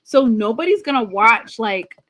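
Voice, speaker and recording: A woman's voice: a little high, expressive, moderate pace, a bit bright, dry recording. A woman hosting a casual sports talk show late at night, laughing hard, apologizing and teasing. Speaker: show host. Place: home studio, late at night.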